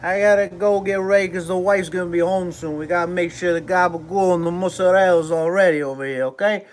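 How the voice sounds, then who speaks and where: A man's voice: sits high, steady tone, fast talker, a little hiss or hum, lightly acted. A man putting on a brash New York accent as a pushy guy getting dinner ready.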